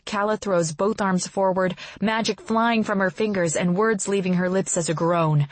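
A woman narrating a first-person fantasy novel in a steady, brisk storytelling manner. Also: medium pitch, no echo. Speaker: audiobook narrator.

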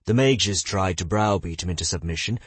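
Blunt lecturing guild fighter, read by a man; low, husky, close and dry. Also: fairly quick, no echo. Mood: stern. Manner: stern, lecturing.

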